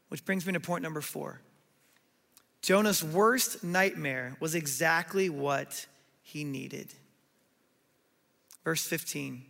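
A male pastor preaching a sermon, telling a story with animated delivery and acting out what people said. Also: fairly high pitch, takes it slowly, vocal fry, long pauses, big-room sound.

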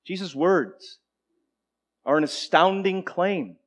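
A man preaching a sermon, moving between emphatic declarations and hushed, conversational asides to the congregation. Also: on the high side, slow, pauses often. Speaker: pastor.

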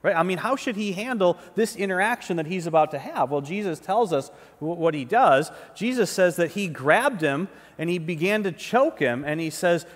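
A man's voice: sits high, lively intonation, normal speed, few pauses. A male pastor delivering a conversational sermon, often restarting words and checking in with the listeners. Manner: conversational preaching, repeats words, often asks "right?". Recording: long reverb of a large hall.

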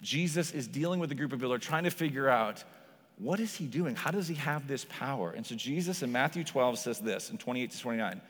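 A man preaching a sermon as pastor, in a conversational style full of "like", acting out quoted voices with lively shifts. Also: medium pitch, fast talker. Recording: long hall reverb.

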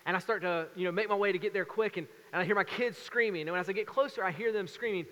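A man in his thirties preaching a sermon as pastor, telling stories with lively acted-out voices. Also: sits high, fast talker, few pauses, in a large hall, dull audio. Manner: animated storytelling with acted voices.

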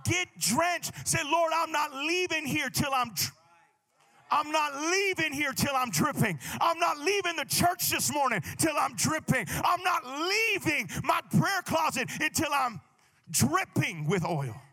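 High, bright-voiced preaching pastor. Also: male voice, lively intonation, measured pace. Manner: preaching with shouted emphasis and acted quotes. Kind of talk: sermon.

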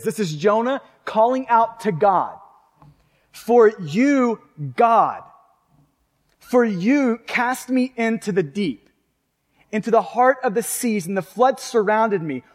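A man's voice: sits high, animated, unhurried, big-room sound. A man preaching a fervent sermon, reading scripture aloud and asking his listeners questions. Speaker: pastor.

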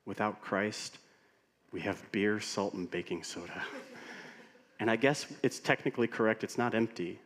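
A man preaching as a pastor, telling stories with humor in an animated way. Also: on the low side, measured pace. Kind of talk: sermon. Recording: long reverb of a large hall.

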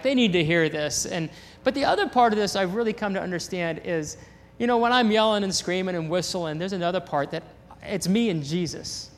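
A man preaching a sermon in a church, animated and excitable, often repeating his words. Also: high-pitched. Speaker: pastor. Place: church sanctuary. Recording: long hall reverb in a church.

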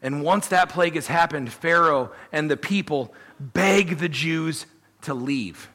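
A man preaching a sermon, telling the story in an animated way and voicing the people he quotes. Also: fairly high pitch, measured pace. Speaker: pastor.

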